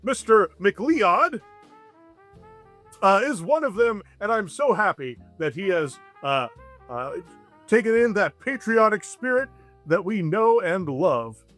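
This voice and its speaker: A man's voice: sits high, big pitch swings, takes it slowly, fairly bright tone, faint music behind, pitched above the performer's own voice, heavily acted. A man voicing a pompous, glad-handing city mayor who makes effusive speeches.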